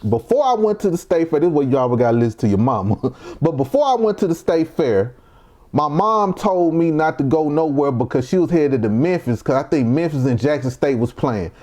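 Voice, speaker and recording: A man's voice: fairly high pitch, big pitch swings, fairly quick, mellow. A young man from Mississippi, giving heated, provocative reaction commentary full of rhetorical questions. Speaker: commentary vlogger.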